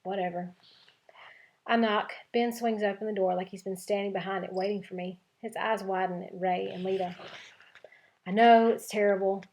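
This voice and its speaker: Woman teacher, read-aloud of a middle-grade novel, gravelly, expressive. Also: medium pitch, normal speed. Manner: expressive, lively voicing of dialogue. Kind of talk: reading a chapter book aloud.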